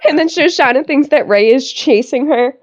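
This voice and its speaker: A woman co-host in loose, casual chat, her voice sitting a little high. She laughs easily and swears without a second thought. The sound is dull and lo-fi. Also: moderate pace, background noise. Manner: laughs often, many fillers, swears casually. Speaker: podcast co-host. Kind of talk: casual chat recapping a TV episode.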